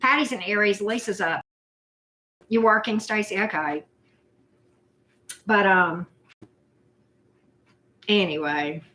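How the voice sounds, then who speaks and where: A woman's voice: medium pitch, takes it slowly, pauses often, bright, forceful tone. A woman, hosting a casual live chat, greeting viewers by name in a loose, self-deprecating way. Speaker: livestream host.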